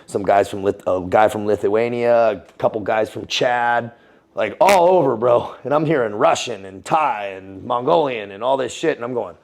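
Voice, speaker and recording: As a guest in a laid-back interview, a former Navy SEAL and Foreign Legionnaire spins a story in a mid-range voice at a moderate pace. He swears a lot, talks in slang, and laughs often.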